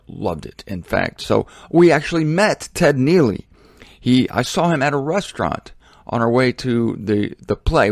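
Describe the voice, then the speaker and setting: A man gives a casual Bible teaching with animated storytelling and mocking asides. His voice is mid-pitched and the recording is dry and close. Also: gravelly, no room sound. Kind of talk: casual sermon.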